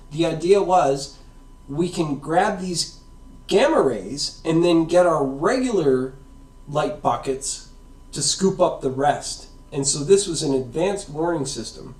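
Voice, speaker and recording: A science video host with a fairly high, slightly mellow voice explains things animatedly and a little slowly, rambling casually and often asking "right?" and "okay?" He sounds distant from the mic, with a roomy echo.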